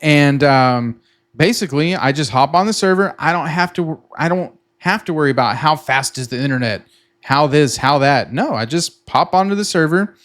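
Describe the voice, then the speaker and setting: A man's voice: fairly high pitch, lively intonation, moderate pace, a bit bright. A middle-aged man explaining a tech tool to viewers in a casual, rambling way, restarting often and acting out his own panicked reactions. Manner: chatty, repeats himself, acts out his own panicked reactions. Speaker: trading content creator. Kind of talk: casual explainer with sponsor pitch.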